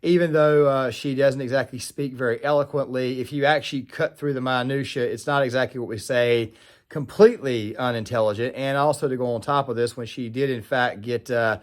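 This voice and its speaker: A man hosting a political commentary video, talking straight to viewers in a casual way with plenty of fillers. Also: medium pitch. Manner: talks to viewers directly, with frequent fillers.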